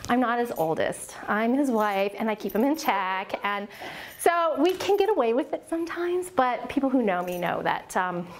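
Woman, 40s, bright high voice, conference speaker, playful and dramatic, performs the voices of people she quotes. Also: normal speed, a little hiss or hum. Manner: animated, self-mocking, acts out quoted voices. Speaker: workshop speaker on children's ministry. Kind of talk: lively conference workshop talk. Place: church workshop room with a small audience. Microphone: podium.

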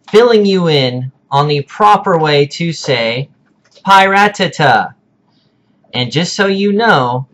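A man hosting a casual vlog, delivering a mock-serious rant with deadpan, exaggerated indignation and drawn-out pronunciations. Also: on the high side. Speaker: video host.

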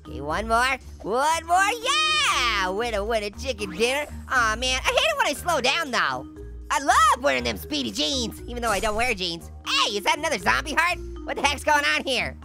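A hyper talking orange chatters through a gaming session with a high, squeaky voice. The voice has a gravelly crackle and a bright, sharp edge. He giggles nonstop at his own cheesy jokes. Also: huge pitch swings, moderate pace, soft background music, heavily acted. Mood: goofy. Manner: giggly, pun-telling, constantly laughing at own jokes. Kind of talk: gaming let's-play commentary.

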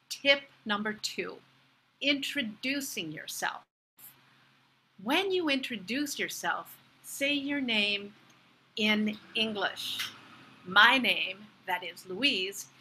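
American woman teaching pronunciation; bright, clear, unhurried delivery with modeled words. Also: medium pitch, slight background noise, low-quality recording. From United States. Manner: slow, clear, demonstrates pronunciations. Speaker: English pronunciation coach. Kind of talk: presentation talk at a virtual fair.

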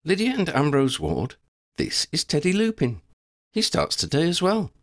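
A man's voice: fairly high pitch, wildly swooping pitch, moderate pace, voice pushed up. A man voicing a cheerful grown woman who talks in a friendly, lightly teasing way.

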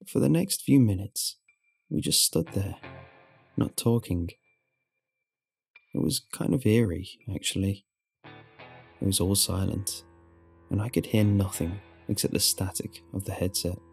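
A man with a very deep, gravelly voice narrates a first-person horror story. His delivery is low and measured, and soft music plays faintly beneath him.

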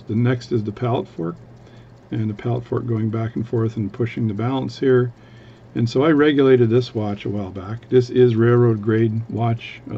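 A Canadian watchmaker chats casually at his workbench, rambling and interrupting himself as he goes. His mid-range voice comes through dull, with a little hiss or hum.

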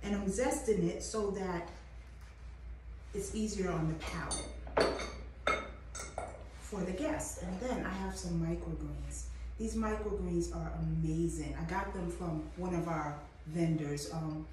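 A woman's voice: lowish voice, measured pace, pauses often, dark tone. Chatty woman chef in an echoey kitchen. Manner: chatty, encouraging, talks to the viewer. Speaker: chef and host. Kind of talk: cooking demonstration. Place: kitchen at a coffee company. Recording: echoey room, mic far off, background noise.

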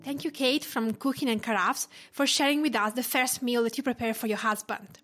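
A woman's voice: on the high side, steady tone, brisk, fairly bright tone, faint music behind. A woman from Tuscany with an Italian accent, hosting a cooking podcast in careful, explanatory narration. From Tuscany, Italy. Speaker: podcast host and home cook.

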